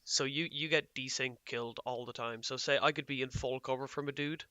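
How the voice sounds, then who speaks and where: A man's voice: medium pitch, steady tone, brisk, pushed and bright, dry recording. A man co-hosting a podcast in casual chat, explaining things at length with small chuckles between points. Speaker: podcast co-host.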